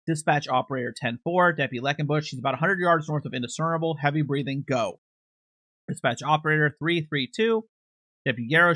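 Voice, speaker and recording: A man with a raised, bright voice runs through court transcripts at a quick clip, calling out each speaker's label as he goes. His delivery is matter-of-fact, and the sound is close and dry. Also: a little high, dry recording. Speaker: true crime channel host. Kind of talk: reading court transcripts aloud with commentary.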